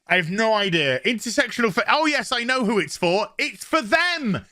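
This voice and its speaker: Male reviewer, bright edgy tone, furious sarcastic rant. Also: high-pitched, sing-song, normal speed, dry recording, clean studio sound. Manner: angry, sweary, sarcastic ranting. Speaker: YouTube reviewer. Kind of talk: ranting review vlog.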